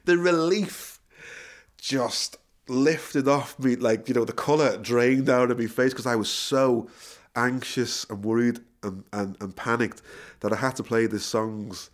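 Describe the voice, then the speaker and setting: A middle-aged man spins a story as an interview guest, in a casual, animated way. He restarts his sentences, laughs often and keeps his voice at an ordinary male pitch. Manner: animated storyteller, quick self-corrections, frequent laughter. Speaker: musician guest.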